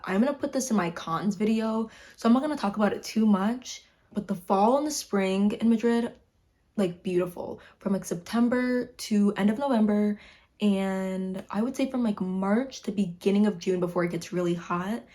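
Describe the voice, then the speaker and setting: A woman's voice: mid-range voice, moderate pace, a little mellow. A woman in her twenties from Chicago, chatting casually in a vlog, bubbly and full of "like". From Chicago, United States. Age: 20s. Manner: chatty, bubbly, heavy use of "like". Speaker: vlogger. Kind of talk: casual talking-head vlog. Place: home room in winter.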